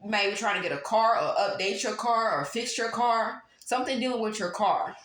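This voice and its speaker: A woman with a fairly high, slightly bright voice gives her viewers a casual tarot reading at a normal speed. She talks emphatically and repeats phrases for stress, and the recording has a roomy echo with faint background noise.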